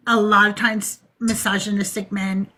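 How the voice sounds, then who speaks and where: A woman's voice: medium pitch, normal speed. A middle-aged woman hosting a casual podcast, asking questions and telling stories animatedly with acted-out quotes. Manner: animated, acts out quoted voices. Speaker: podcast host. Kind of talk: casual conversation.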